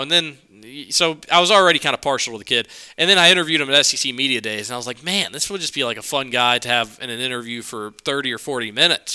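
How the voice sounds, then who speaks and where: Bright, crisp-voiced man with a cold. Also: mid-range voice. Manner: rambling, conversational, self-correcting. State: stuffed up from a cold. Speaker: podcast co-host. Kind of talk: casual sports chat.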